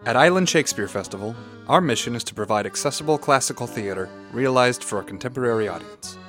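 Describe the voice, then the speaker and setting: A man reading a formal, measured introduction and sponsor credits for a story program. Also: mid-range voice, animated, fairly bright tone. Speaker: program announcer. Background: faint accordion and guitar music.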